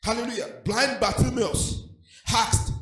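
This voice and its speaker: A Nigerian pastor preaches a sermon in a church hall, his sing-song cadence sprinkled with hallelujahs. His voice is very high-pitched and a bit bright, at a measured pace. The hall is echoey, with faint music behind him.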